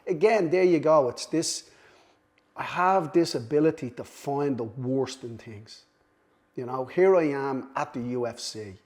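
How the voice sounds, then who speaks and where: A middle-aged man tells a rambling anecdote as a podcast guest. He swears casually and mocks himself. His voice sits at an ordinary middle pitch, and he slips into other people's lines as he goes. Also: a little slow, darkish tone. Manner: swears freely, self-deprecating, acts out quoted voices. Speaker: guest, cutman.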